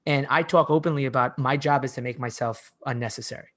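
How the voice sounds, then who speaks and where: Here a forties-aged coach and podcast guest spins casual, animated stories at a fast clip in a mid-range voice, restarting sentences often and leaning hard on "like."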